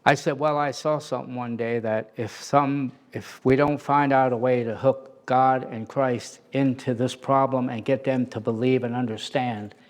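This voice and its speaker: A middle-aged man telling stories as an interview guest, animated and acting out the voices he quotes. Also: mid-range voice, moderate pace, hardly any pauses. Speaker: interview guest, former prison officer. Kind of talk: storytelling in a conversation.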